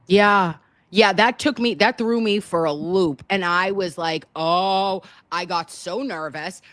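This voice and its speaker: A woman hosting a commentary show, talking in an exasperated, animated way with casual slang. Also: on the low side, slow pace, no echo. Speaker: host.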